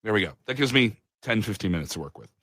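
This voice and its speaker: Lively, bright-voiced radio host. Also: male voice, fairly low pitch, quick pace, no echo, clean studio sound. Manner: chatty, lively, jokey asides. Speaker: guest host and radio personality. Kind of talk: casual podcast interview.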